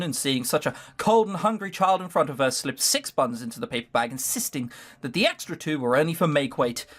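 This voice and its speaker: Sardonic man reading a visual novel aloud. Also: on the high side. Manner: sardonic, swearing asides. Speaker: let's play host reading a visual novel.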